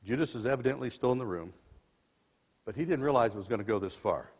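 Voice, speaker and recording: A man in his sixties preaching a sermon as dramatic storytelling, swinging between loud and soft passages, in a church sanctuary. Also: medium pitch, quick pace, slightly rough. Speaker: lay preacher. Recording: long church reverb.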